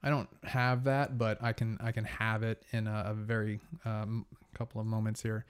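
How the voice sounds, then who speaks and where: A man's voice: lowish voice, level tone, moderate pace, smooth. A man hosting a podcast in casual chat, rambling and teasing with many fillers and restarts. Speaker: podcast host.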